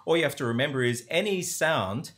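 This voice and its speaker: A slightly high, somewhat bright male voice comes across animated and fairly quick. He's teaching language sounds in an enthusiastic, chatty explanation, often saying sample syllables to illustrate.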